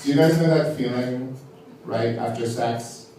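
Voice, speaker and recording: A man performing a stand-up comedy set, theatrical and animated, swinging his pitch up high for emphasis. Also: unhurried, very echoey, distant mic, a little hiss or hum, poor audio. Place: comedy club stage.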